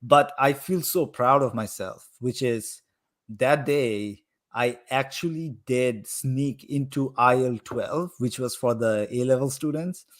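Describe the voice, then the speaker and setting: A young man in his own voice, the guest on a live chat, telling stories animatedly and leaning heavily on "like" as a filler. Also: medium pitch. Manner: animated, heavy use of "like" fillers. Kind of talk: casual storytelling in a live chat.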